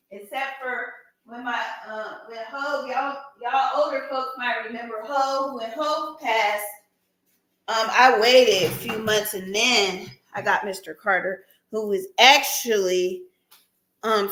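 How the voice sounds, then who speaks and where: A woman hosts a casual live stream in an unhurried, chatty way and laughs often. Her voice sits a little high and sounds bright and sharp. She keeps breaking off to talk to her dog.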